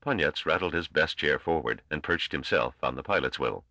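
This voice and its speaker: A man reading an audiobook in steady, measured scripted narration. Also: rumbling low, no echo.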